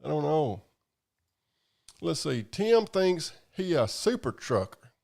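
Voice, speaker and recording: On his live stream, a man reads viewer comments in a rambling, profane, drawling chat. His voice is on the high side and sing-song, slow and creaky, with a darkish tone.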